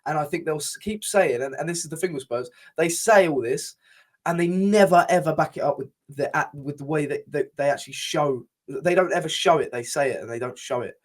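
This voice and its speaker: A young podcast co-host with a fairly high, brisk voice talks in a casual chat. Passion and frustration come through as he swears freely and keeps abandoning sentences to begin again.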